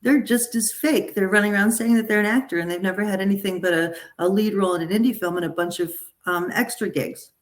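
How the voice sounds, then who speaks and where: A woman's voice: mid-range voice, fast. A middle-aged woman, a talent agent, talking casually and animatedly to a group. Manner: animated, chatty, frequent restarts and asides. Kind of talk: casual live talk to a group.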